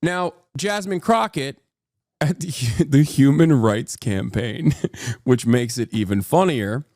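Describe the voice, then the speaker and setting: A man's voice: mid-range voice, takes it slowly, darkish tone, dry recording, clean studio sound. A man in his thirties hosting a stream, giving heated, sarcastic political commentary and reacting to chat. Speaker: streamer host.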